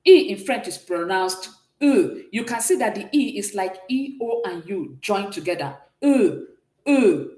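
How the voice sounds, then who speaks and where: A woman's voice: medium pitch, expressive, moderate pace, darkish tone, echoey room, poor audio. A woman teaching a beginners' French class, who patiently explains, repeats and checks that students follow. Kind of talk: classroom language lesson.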